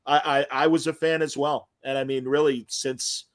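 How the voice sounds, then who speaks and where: A man hosting an interview podcast, telling stories in an animated, emotional, casual way. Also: medium pitch, moderate pace. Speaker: podcast host interviewing comic creators. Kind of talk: casual chat.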